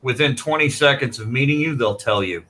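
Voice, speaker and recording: A man's voice: mid-range voice, brisk, pushed and bright. A man in a casual podcast chat, making dry, laid-back jokes.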